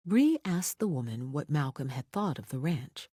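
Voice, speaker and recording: An audiobook narrator reading a thriller in a measured, expressive storytelling manner on a close studio mic. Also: mid-range voice, husky, no room sound.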